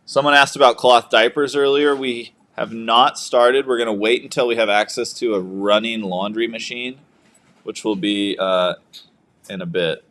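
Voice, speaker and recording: A man's voice: medium pitch, fairly even intonation, moderate pace, a bit bright. A young man co-hosting a casual livestream, joking around and reading viewer comments aloud. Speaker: livestream co-host, new father.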